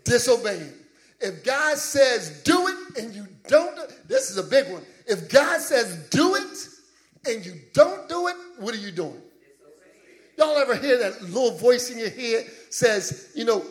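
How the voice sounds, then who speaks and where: Man, preacher, sermon, high voice, very lively pitch, slow delivery, conversational asides. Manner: animated, laughing asides, asks congregation "Amen?".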